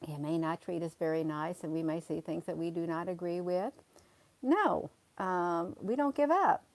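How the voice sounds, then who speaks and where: A woman's voice: on the low side, a little mellow, no room sound. A woman, hosting a casual livestream and talking emphatically and repetitively to viewers, calling them honey. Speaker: livestream host.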